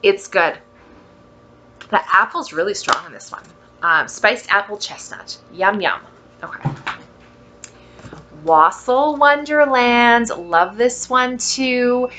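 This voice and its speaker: A woman vlogger giving a casual product review, gushing with drawn-out exclamations and soft whispered asides. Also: a little high, expressive.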